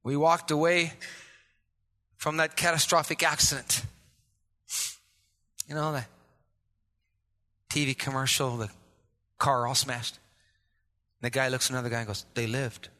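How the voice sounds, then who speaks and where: A man preaching a sermon as a pastor, impassioned and rising to shouts. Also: medium pitch, flat delivery, a little slow, pauses often, long reverb tail.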